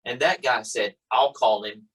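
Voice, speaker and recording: Male podcast host, husky, lively storyteller who voices the people in his stories. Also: medium pitch, a little slow, rough recording. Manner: animated storyteller, acts out quotes. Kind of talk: casual chat.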